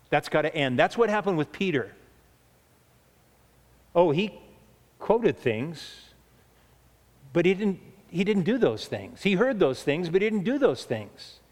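A man preaching a sermon, earnest and emphatic, slowing down to stress key points, in a church hall. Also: high-pitched. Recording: echoey hall reverb.

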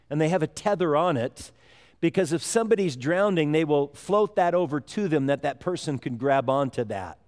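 A middle-aged man delivers a sermon in a relaxed, conversational way, slipping into acted-out quotes along the way. His voice sits a little high for a man. The sound rings with a long reverb, as in a large church hall. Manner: conversational preaching with folksy asides and acted-out quotes. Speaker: pastor.

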